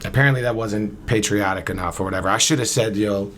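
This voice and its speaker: A man's voice: on the low side, fast, fairly bright tone, slight background noise. A man in his thirties from Camden, New Jersey, a podcast guest casually telling a long story and acting out both sides of the conversation. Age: 30s.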